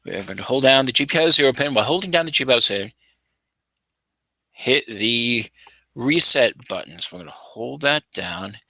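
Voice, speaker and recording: A man's voice: medium pitch, animated, a little fast, pushed and bright, no room sound. A man hosting a casual home electronics video, narrating his typing and soldering with playful, showman-like announcer asides. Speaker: maker channel host. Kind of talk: casual live coding and tinkering commentary.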